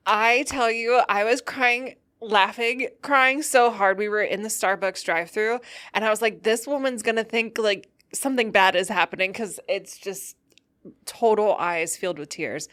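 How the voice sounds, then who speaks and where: A woman hosts her own podcast in casual solo chat, her voice pitched a little high. She sounds tired and loopy, rambling through a story with frequent laughter and a giddy edge. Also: moderate pace, fairly bright tone. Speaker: podcast host.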